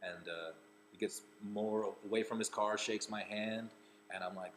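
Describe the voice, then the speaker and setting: A low-voiced man from Rhode Island, a comedian and actor, tells a personal story in a loose, casual way. He rambles, circling back and restarting phrases as he goes, with a faint hiss of noise behind him. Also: steady tone, unhurried, a bit bright, poor audio.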